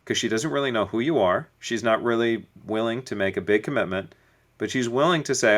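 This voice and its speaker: A man's voice: medium pitch, fairly quick, a bit bright. Man, business coach, podcast guest, storytelling, acts out dialogue. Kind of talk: conversational podcast interview.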